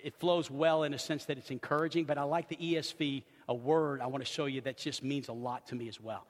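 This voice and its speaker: Older male pastor, high voice, swinging pitch, long church-hall reverb. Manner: animated storytelling, acts out loud screams. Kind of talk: sermon.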